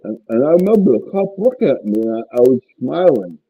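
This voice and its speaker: Gravelly older man on a tinny line. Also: medium pitch, very animated, a little fast, dry recording. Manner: earnest, emotional, repeats words for emphasis. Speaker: interview guest. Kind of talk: personal life story told to a host. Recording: tinny phone-like line, dry.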